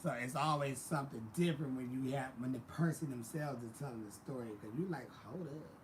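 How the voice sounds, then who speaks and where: Speaking fast in a mid-range voice, this livestream host chats with his viewers in a sassy, casual way, addressing them as baby and honey. A little hiss or hum sits in the recording.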